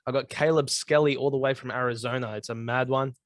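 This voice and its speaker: A man's voice: medium pitch, steady tone, quick pace, dry recording, clean studio sound. A man hosting a casual podcast over a video call. He chats in a matey way and wraps up the episode with plugs for other shows. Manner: easygoing, matey, promo-style sign-offs. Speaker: podcast host.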